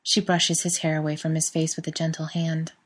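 Female narrator, lower pitch, steady storybook reading. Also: a little fast. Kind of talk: scripted narration.

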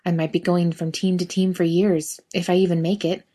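A woman reads as a hotheaded young athlete, exasperated and pushing hard, his voice rising into demands. The tone sits fairly low and is delivered as a storybook reading. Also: flat delivery, a little fast, dark tone, lightly acted. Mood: heated.

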